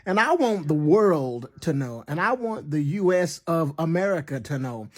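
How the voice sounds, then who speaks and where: Exasperated vlogger with lively pitch. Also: normal speed. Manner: exasperated, emphatic, joking. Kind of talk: casual rant vlog.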